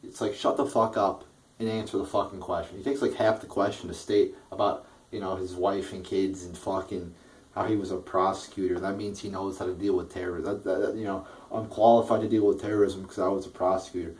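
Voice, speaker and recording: A man's voice: deep voice, flat delivery, a little fast, distant mic, poor audio. A man in an angry, profane political rant, talking heatedly with stammering restarts. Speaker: political vlogger.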